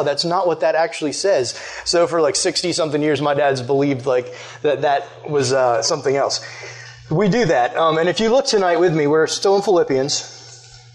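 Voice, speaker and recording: A young man giving a casual sermon as a youth pastor, chatty and full of "like" fillers, asking his listeners questions. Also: a little high. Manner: chatty, loaded with "like" fillers, conversational.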